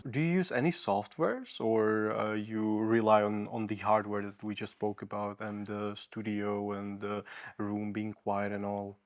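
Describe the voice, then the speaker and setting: A man's voice: on the low side, fairly even intonation, measured pace. A man hosting a casual interview, asking questions and giving many short backchannel sounds. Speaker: interviewer, host.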